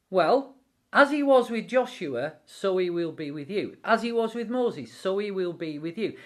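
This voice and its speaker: A devotional speaker giving an encouraging sermon-style talk, acting out quotes with animation. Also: medium pitch.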